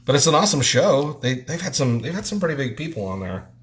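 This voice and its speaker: A man's voice: mid-range voice, big pitch swings, fast, slight background noise. A middle-aged man co-hosting a live stream, teasing and joking about himself. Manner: dry, self-deprecating teasing. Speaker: co-host, artist. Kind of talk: casual live-stream banter.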